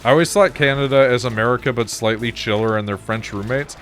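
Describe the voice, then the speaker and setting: Male streamer, mid-pitched voice, loose and swearing, light music underneath. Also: fast talker, fairly bright tone. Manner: chatty and laughing, swears freely while telling anecdotes. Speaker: gaming streamer. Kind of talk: casual gameplay commentary.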